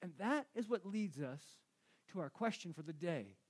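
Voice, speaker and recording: A male pastor preaching a sermon, acting out Bible figures and swinging from loud to hushed. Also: high voice, sing-song, moderate pace, slightly rough.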